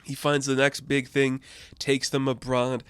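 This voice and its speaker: Brief: enthusiastic male comic reviewer, loose chatty delivery, mid pitch, dry close sound. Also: monotone, a little slow, clear, resonant tone, no room sound, soft background music. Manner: chatty, filler-heavy, enthusiastic. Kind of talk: casual video comic review.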